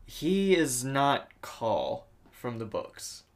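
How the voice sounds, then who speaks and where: A man co-hosting a podcast in casual chat, halting often, restarting sentences and swearing offhandedly. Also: mid-range voice, big pitch swings. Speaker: podcast co-host.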